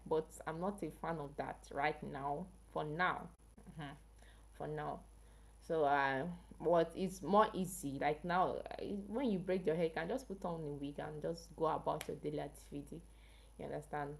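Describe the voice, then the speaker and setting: A woman's voice: sits low, fairly even intonation, normal speed, gravelly. A woman from Africa hosting a casual health livestream, chatting with viewers and asking them questions. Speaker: health channel livestream host.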